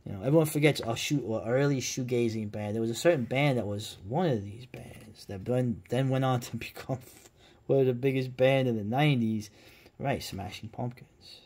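A man's voice: medium pitch, moderate pace, darkish tone. A man giving casual, rambling commentary while reacting to a documentary, with a sarcastic streak and plenty of fillers and restarts. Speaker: reaction video host.

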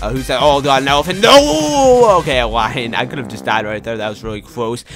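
A young man giving live gameplay commentary, excitable and quick to rage and yell at other players. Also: mid-range voice, over music. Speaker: gaming YouTuber.

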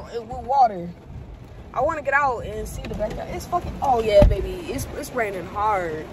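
A young woman films herself on her phone while riding in a car and stepping out into the rain. Her voice sits a little high, and she chats to her viewers in an animated way, swearing often. Traffic and street noise are loud behind her. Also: normal speed. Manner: animated, swears freely, talks straight to viewers. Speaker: vlogger. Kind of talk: casual vlog chat to camera. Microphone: phone camera held by hand. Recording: noisy car and street background.

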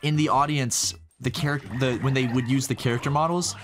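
A man co-hosting a casual gaming chat, laughing often with a high childlike giggle. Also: fairly even intonation, brisk, soft background music. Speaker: co-host.

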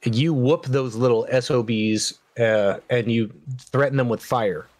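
A man's voice: medium pitch, unhurried, darkish tone, dry recording. A man joking and laughing often as a co-op partner in casual banter while gaming.

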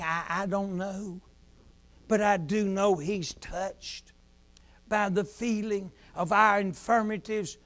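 A man preaches in a rhythmic, repeating cadence. His voice sits very high, and he takes his time. He swings from shouted emphasis to soft, hushed asides. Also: steady tone, slow pace. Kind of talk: sermon.

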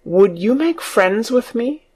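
A man's voice: high-pitched, sing-song, measured pace, heavily acted. A man voicing a lonely, imperious little girl in an audiobook story, lifting his voice into eager questions.

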